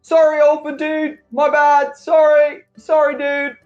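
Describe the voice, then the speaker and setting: A man's voice: extremely high pitch, monotone, measured pace, muffled recording, soft background music, pitched above the performer's own voice. A man voicing a clumsy, laid-back young male half-orc lad who talks in slangy dude speech. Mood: sheepish. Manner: slangy surfer-dude drawl.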